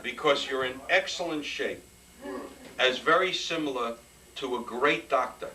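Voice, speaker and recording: A man's voice: medium pitch, unhurried, bright, forceful tone. A man emceeing a retirement party roast with brash, joking banter. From New York. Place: party hall. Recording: distant noisy party recording.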